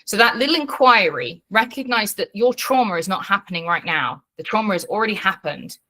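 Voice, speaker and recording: A woman's voice: medium pitch, lively intonation, brisk, bright, forceful tone. A woman teaching an online class as a coach, talking frankly and bluntly, swearing freely and checking in with her listeners.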